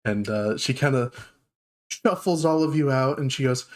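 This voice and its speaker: A man's voice: medium pitch, normal speed. Man narrating as game master. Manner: relaxed, filler-heavy narration.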